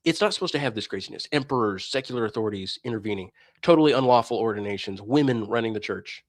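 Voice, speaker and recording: A man's voice: on the low side, lively intonation, fast talker, no room sound, studio quality. A man hosting a religious debate stream, delivering a heated, scornful and preachy monologue that mocks his opponents. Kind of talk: ranting monologue.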